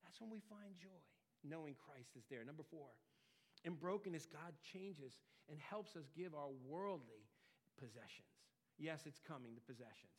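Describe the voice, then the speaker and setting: A man preaching a sermon, earnest, swelling louder and dropping quiet for emphasis. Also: lively intonation, moderate pace. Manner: earnest, rises and falls in pitch and loudness for emphasis. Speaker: pastor.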